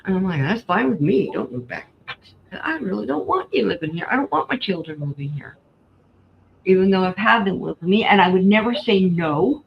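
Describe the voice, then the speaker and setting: A woman's voice: medium pitch, animated, brisk, vocal fry. A middle-aged woman, chatting frankly and telling stories about her family. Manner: frank, storytelling, blunt. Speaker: host. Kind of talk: casual chat while crafting. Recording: slightly dull stream audio, faint background noise.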